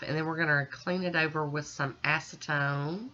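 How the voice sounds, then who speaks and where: A woman's voice: deep voice, fairly even intonation, normal speed, bright, forceful tone. A woman vlogger chatting casually through a nail art tutorial and talking straight to her viewers in a folksy, homey way. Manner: chatty, folksy, talks to viewers while working. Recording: dull lo-fi recording.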